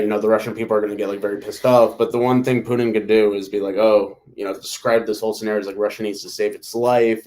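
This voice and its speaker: A man's voice: lowish voice, a little mellow. A man hosting a casual live discussion, talking in a rambling way and filling his sentences with "like" and "you know.". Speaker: host.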